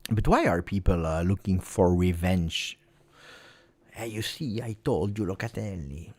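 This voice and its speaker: A man's voice: deep voice, expressive, a little slow, darkish tone. A man hosting a live match watch-along, reacting emotionally and pleading with the players. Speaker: fan channel host.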